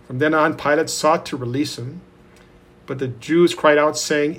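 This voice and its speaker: A man reading scripture aloud in a steady, measured way. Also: fairly high pitch, husky. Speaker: scripture reader.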